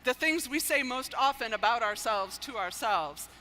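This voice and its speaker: A woman with a very bright, high voice delivers an earnest inspirational speech. She speaks in a measured, heartfelt way and leans gently on key words. Faint noise sits behind her. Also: expressive. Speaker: speaker giving an inspirational talk.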